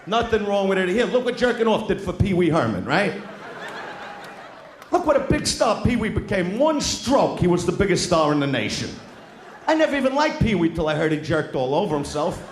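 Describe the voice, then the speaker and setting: A high-voiced stand-up comedian performs a crude routine before an audience at a large live venue, loud and brash, taunting people in the crowd and often shouting. The recording is an echoey live show with crowd noise.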